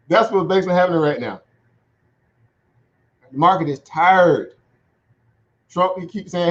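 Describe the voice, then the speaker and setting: A man's voice: high voice, a little slow, long pauses. A man giving casual livestream commentary on the markets in a chatty way, laughing often and checking in with "right?". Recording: dull lo-fi sound.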